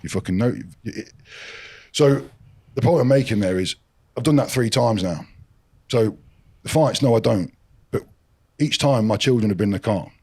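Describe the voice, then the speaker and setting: A man's voice: medium pitch, moderate pace, breathy edge. A middle-aged man, a podcast guest telling blunt stories full of swearing. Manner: blunt, heavy swearing, forceful storytelling. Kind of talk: casual podcast chat.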